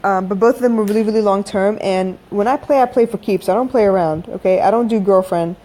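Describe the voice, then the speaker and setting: A woman in her thirties talks casually into a phone for a late-night podcast. Her voice is mellow and dark-toned, and she speaks frankly and chattily, calling her listeners y'all. The sound is plain live audio with no production. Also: mid-range voice, fast. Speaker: podcast host. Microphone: phone-recorded live audio.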